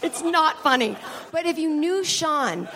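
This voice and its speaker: High-voiced woman telling profane stories live. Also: animated, measured pace, crowd noise. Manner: chatty, profane, rambling asides. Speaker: stand-up comedian and podcast host. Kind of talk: live comedy storytelling. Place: stage in a small comedy venue.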